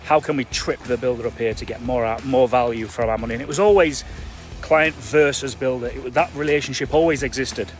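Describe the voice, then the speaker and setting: A man's voice: medium pitch, fairly even intonation, a little fast, faint music behind. A man giving a blunt, emphatic live-stream coaching talk to property investors, chatty and full of fillers. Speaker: construction trainer for property investors.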